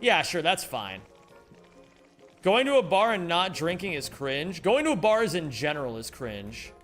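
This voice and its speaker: A man's voice: on the high side, sing-song, moderate pace, a bit bright, faint music behind. A man streaming a speedrun in casual chat, joking and mocking himself as he reads and answers viewers' messages.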